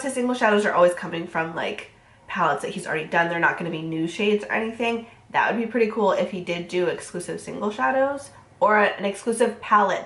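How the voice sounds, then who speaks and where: A woman's voice: mid-range voice, fairly bright tone. A young woman, nasal from a cold, chatting casually through a makeup review full of fillers. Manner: chatty, fast, filler-heavy. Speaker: beauty vlogger. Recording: roomy echo.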